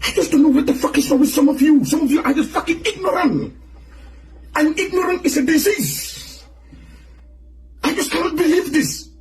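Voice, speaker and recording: A man's voice: very high-pitched, expressive, fast talker, a little mellow. A man on a furious, profane rant, repeating himself and swinging between outrage and bitter laughs. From Africa outside South Africa. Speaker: commentator. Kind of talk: angry rant to camera.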